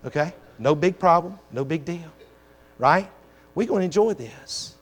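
Animated and unhurried, a man with a slightly high voice preaches to his congregation as their pastor. His sermon in the church sanctuary is full of emphatic exhortations he repeats again and again.

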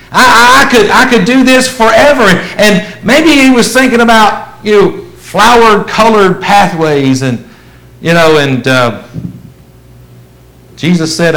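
A man preaching a sermon as a pastor, in a folksy, conversational way that swings between loud emphasis and hushed asides. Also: fairly high pitch, low-quality recording.

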